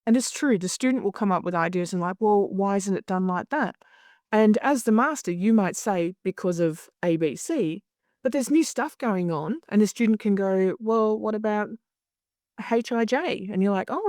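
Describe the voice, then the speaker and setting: A woman's voice: mid-range voice, lively intonation, moderate pace, a little mellow, dry recording, studio quality. A middle-aged woman in a candid interview, who talks bluntly, swears freely and acts out other people's lines. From Australia. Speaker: hypnosis conference director.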